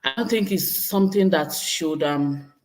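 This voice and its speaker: A woman's voice: low-pitched, measured pace. A woman with a Nigerian accent hosts her own livestream, talking casually and energetically to her viewers. She exclaims often and answers comments as she reads them. She sounds like she is in her thirties. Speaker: vlogger hosting a livestream.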